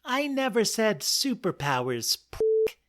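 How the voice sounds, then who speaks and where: A man voicing a timid but sassy little female mouse in a storybook comedy, with a squeaky, high pleading voice. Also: sing-song, takes it slowly, a bit bright, full character voice. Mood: indignant.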